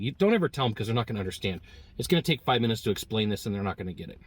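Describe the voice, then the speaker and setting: A man giving a casual spoken sales lesson, telling stories and acting out customers' lines with lively swings in voice. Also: medium pitch, racing, no room sound. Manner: animated storytelling, acting out customer quotes. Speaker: sales trainer.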